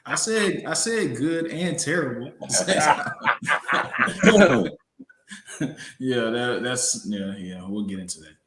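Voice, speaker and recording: A man co-hosting a sports show, speaking in a slow, subdued, wry way. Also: mid-range voice, lively intonation, a loud crowd. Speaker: co-host. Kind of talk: casual sports chat.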